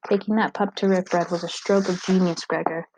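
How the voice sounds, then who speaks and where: A woman reading aloud, voicing a calm, learned male royal advisor who explains things in a measured way. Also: fairly low pitch, natural voice, low-quality recording.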